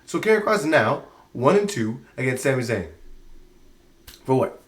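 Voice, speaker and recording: A man's voice: mid-range voice, big pitch swings, moderate pace. A man giving a casual spoken review of a show, exasperated and rambling, often restarting his sentences.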